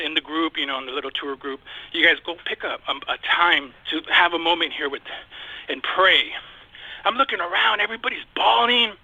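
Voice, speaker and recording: Male podcast guest, husky and intense, dry close sound. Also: high-pitched, pushed and bright, dry recording, rough recording. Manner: passionate, emphatic, repeats phrases. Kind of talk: casual podcast discussion.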